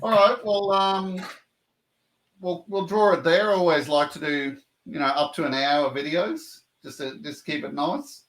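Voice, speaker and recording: A man's voice: fairly high pitch, a little slow, a bit bright. An Australian man hosting a casual interview over a video call, friendly and full of short replies, calling his guest mate. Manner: friendly, says mate, many short backchannels. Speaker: interviewer, channel host.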